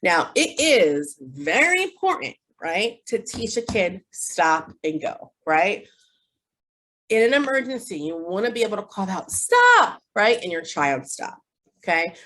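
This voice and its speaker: A woman's voice: on the low side, big pitch swings, a little slow, a bit bright. A woman in her thirties, a behavior analyst giving a casual parent workshop, chatty with lots of fillers and tag questions, acting out upbeat phrases for kids. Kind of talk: casual online parent training talk.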